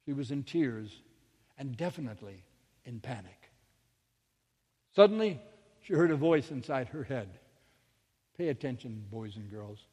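Slow, dramatic male preacher in a reverberant hall. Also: mid-range voice, animated, a little mellow, breathy edge. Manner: dramatic storytelling with sudden drops to near-whispers. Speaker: minister. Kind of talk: sermon.

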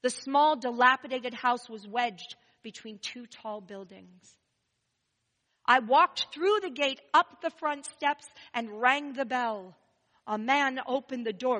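A woman telling a first-person story, expressive and swinging between loud and hushed. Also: on the high side, a little slow, big-room sound, rough recording.

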